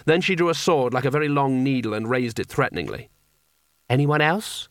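A man narrating a comic fantasy story with dry, wry timing. His voice sits at a middling pitch. It is recorded close in a dead, dry space. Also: animated, fast talker, no room sound. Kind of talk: audiobook narration.

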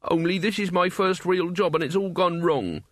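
A man's voice: sits high, normal speed, fairly bright tone, dry recording, studio quality, pitched above the performer's own voice. A male audiobook reader voicing an anxious, awkward young man who stammers and pleads. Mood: flustered. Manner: flustered, stammering, plaintive.

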